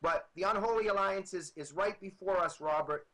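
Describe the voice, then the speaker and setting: Man, political interview, bright forceful voice, emphatic, repeats phrases, computer mic on a call. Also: sits high, moderate pace, poor audio. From Soviet Union. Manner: emphatic, repetitive, rising to passionate declarations. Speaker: author.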